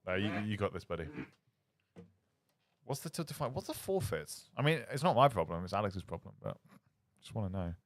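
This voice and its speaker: A man's voice: on the low side, brisk, pauses often, no echo. A man presenting a casual charity livestream on student radio, sounding tired, with dry humour. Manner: tired, self-described monotone, dry humour.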